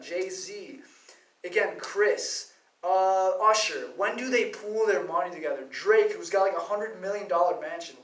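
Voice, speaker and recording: A man rants in a profane, rambling, heated monologue. His voice is high for a man. The sound is echoey, and he is well back from the mic. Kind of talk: ranting monologue. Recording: roomy, distant from the mic.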